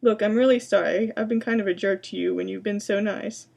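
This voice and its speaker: A woman's voice: medium pitch, fairly even intonation, fairly quick, gravelly, a little mellow. A woman voicing a blunt, sarcastic teenage girl who talks in an offhand, casual way.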